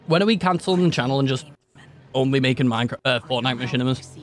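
A man bantering quickly and swearing in casual gaming chat with a friend. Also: medium pitch. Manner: fast banter, laughing, swearing. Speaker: co-host playing a game.

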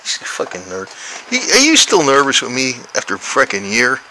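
A man's voice: mid-range voice, huge pitch swings, moderate pace, pushed and bright, a little hiss or hum, rough recording. A man in his sixties rambling casually and cursing freely while coaxing his cat outdoors. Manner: meandering, profane, coaxing talk to the cat. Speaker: vlogger, cat owner.

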